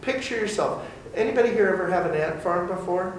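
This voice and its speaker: A man leading an interactive Bible study for a small group, teaching in an animated, theatrical way. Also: sits high, fast, a little hiss or hum. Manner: animated and theatrical, acting out voices. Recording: echoey room from far off.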